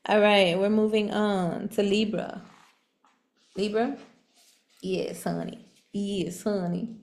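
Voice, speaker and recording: A woman giving a casual tarot reading, chatty and animated, laughing often and using relaxed slang. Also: mid-range voice, takes it slowly, gravelly. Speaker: tarot reader.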